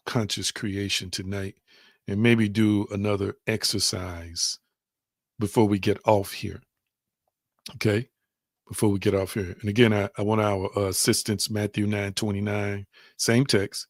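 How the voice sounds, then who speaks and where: A man's voice: lowish voice, creaky, no echo, clean studio sound. A man giving a live-streamed spiritual teaching, repeating his phrases, putting questions to viewers and reading their comments aloud.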